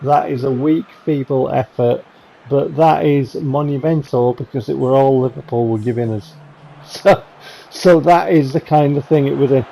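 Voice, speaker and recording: A man talks over football game highlights in a loose, rambling way, dry and wry about his own mistakes. His voice is gravelly, with a dark, mellow tone. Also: moderate pace, low-quality recording. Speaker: gaming channel host. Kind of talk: casual game highlights commentary.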